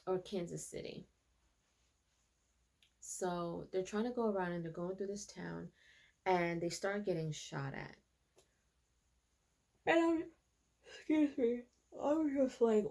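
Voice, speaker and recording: Woman, casual TV review, rambling recap, slightly low voice. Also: a little mellow. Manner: chatty, hesitant, many fillers. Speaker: show reviewer.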